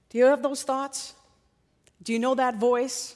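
A woman preaching a sermon and reading scripture, her delivery swinging from hushed to loud. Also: fairly high pitch, lively intonation, measured pace, in a large hall.

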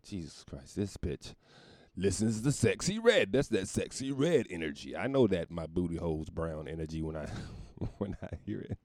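Animated, crude, mocking man ranting. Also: low-pitched, moderate pace, no echo. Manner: crude, mocking, laughs at his own jokes. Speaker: podcast host. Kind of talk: solo comedic rant.

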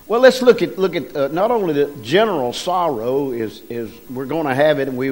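A middle-aged man delivers a sermon in a somewhat high voice. He talks in a folksy, halting manner, full of ums and repeated words, slowing down to press on the key phrases. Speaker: preacher.

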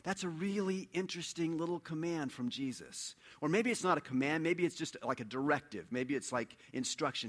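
Man, pastor, sermon, bright tone, animated storytelling. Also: fairly high pitch, a little fast, few pauses. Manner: animated storytelling, swings from hushed to loud.

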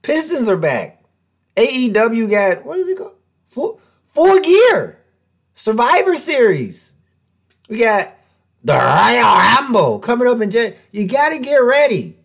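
A man hosting a casual podcast from a room at home, excitable and joking, with big swings in pitch and loudness. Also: a little slow, vocal fry, husky. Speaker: podcast host. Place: room at home with a door nearby.

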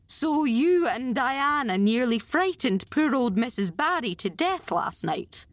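A woman's voice: high-pitched, sing-song, moderate pace, dry recording, soft background music, voice pushed up, full character voice. A woman voicing a severe, gossipy older village woman, stern with a hidden twinkle. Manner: stern with a hint of amusement.

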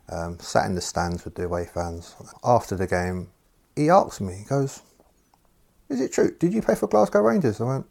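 A former footballer recalling his early days at a club in a relaxed, plain-spoken way. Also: low-pitched. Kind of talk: casual interview reminiscence.

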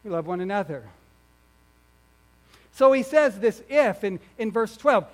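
A man preaching a sermon as pastor. He swings from emphatic, near-shouted lines to quiet asides and often repeats or restarts his words. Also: high-pitched, animated, a little slow, long pauses.

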